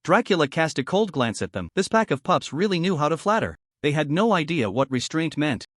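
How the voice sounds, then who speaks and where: A man's voice: fairly high pitch, sing-song, a little fast, dry recording, studio quality. A man narrating a fantasy story recap in a scripted storytelling delivery.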